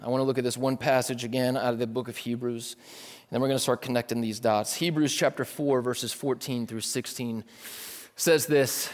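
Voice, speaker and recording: A male pastor preaching a sermon in a casual, lively way, dropping slang asides. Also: mid-range voice. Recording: long hall reverb.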